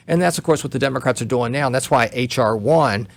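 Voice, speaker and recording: A man's voice: medium pitch, gravelly. A man who is a guest commentator, explaining law step by step on a talk radio show, short on sleep. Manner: measured, explains step by step, some restarts.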